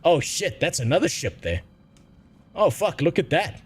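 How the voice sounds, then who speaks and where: A man's voice: a little high, big pitch swings, normal speed, slightly rough. A man doing crude, joking casual gameplay commentary as a streamer.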